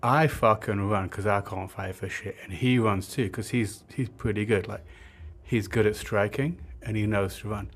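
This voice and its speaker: A man's voice: on the low side, fairly even intonation, moderate pace, hardly any pauses. A young man telling a rambling, sweary story, with lots of filler words. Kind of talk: casual storytime monologue.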